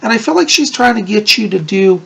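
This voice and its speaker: A man hosts a casual psychic reading video, his voice strongly gravelly and a bit husky. He talks in a chatty, reassuring way, his pitch swinging up and down, and keeps checking in with the listener. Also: expressive, a little fast, a bit bright. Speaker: psychic medium.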